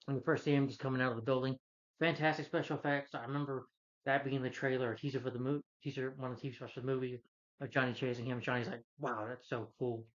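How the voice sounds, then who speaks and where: A man recaps a film's plot in a loose, rambling way, leaning on fillers as he goes. His voice sits at a middling pitch. The recording sounds dull and lo-fi. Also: level tone, rapid-fire. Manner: rambling, loose retelling full of "like" and "you know". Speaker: movie reviewer. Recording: muffled lo-fi audio.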